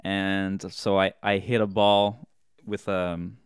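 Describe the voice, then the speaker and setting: A man with a low, smooth voice spins a long, meandering comic tale. He restarts and corrects himself as he goes. The sound is close and dry. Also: flat delivery, slow pace, no room sound. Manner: rambling, self-correcting storyteller. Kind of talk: casual rambling anecdote.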